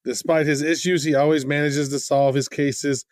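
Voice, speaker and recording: A man co-hosting a podcast, reading out descriptions and trading quick jokes. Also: fairly high pitch, little pitch movement, no room sound, studio quality. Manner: reads card descriptions, quick asides. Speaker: podcast co-host. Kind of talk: casual chat.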